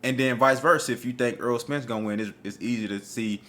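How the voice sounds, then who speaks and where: A man's voice: mid-range voice, fast. A man giving his casual opinions on an upcoming boxing fight, talking with street slang and cursing freely. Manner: profane, animated, street slang. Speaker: boxing commentator.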